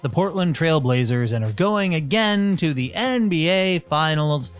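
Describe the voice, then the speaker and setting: A man's voice: on the high side, expressive, unhurried, faint music behind. A man co-hosting a casual podcast, teasing his partner with sarcastic complaints. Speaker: podcast co-host.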